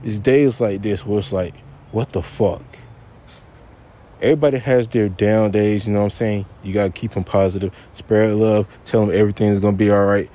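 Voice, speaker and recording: A man's voice: fairly low pitch, steady tone, moderate pace, warm tone. A man hosting his own podcast, ranting angrily with heavy swearing and repeating his points for emphasis, frustrated and upset. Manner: angry, profane, repeats himself for emphasis. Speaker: podcast host. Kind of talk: solo podcast rant.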